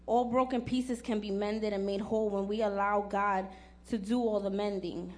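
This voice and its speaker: A woman reading her personal testimony aloud in an earnest, measured way. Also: mid-range voice, fairly even intonation.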